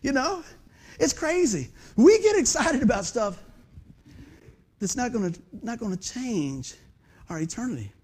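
Middle-aged male pastor, high voice that swings all over, animated folksy sermon. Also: a little slow, long pauses, breathy edge. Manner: animated folksy preaching with rhetorical questions.

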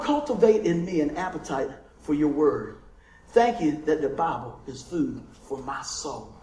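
A man preaching a sermon, telling stories in a lively way and calling out for amens from his congregation. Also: high-pitched. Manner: lively storytelling, calls for amens. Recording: roomy echo.

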